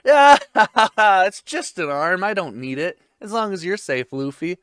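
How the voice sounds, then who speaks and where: A man's voice: high-pitched, sing-song, unhurried, fairly bright tone, smooth, dry recording, studio quality, pitched above the performer's own voice, full character voice. A man voicing a laid-back, cocky male pirate captain in a casual, joking manner. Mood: breezy.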